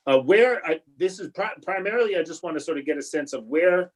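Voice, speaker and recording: A man, a rabbi, teaching a Hebrew prayer class over a video call, talking in a halting way with many restarts and fillers, patient and encouraging. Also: on the high side, animated, rough recording. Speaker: rabbi teaching a bar and bat mitzvah class.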